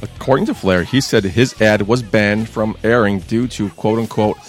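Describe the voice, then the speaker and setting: Male co-host, lowish, dry news reader with snark. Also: normal speed, soft background music. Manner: wry, dismissive asides. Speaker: podcast co-host reading wrestling news. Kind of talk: casual news chat.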